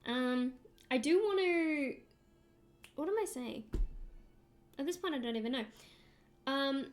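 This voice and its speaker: A young Australian woman with a slightly high voice talks casually while she draws on stream. She rambles, trails off mid-thought and reads out and answers her chat in a loose, chatty way. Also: animated, measured pace. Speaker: livestreamer.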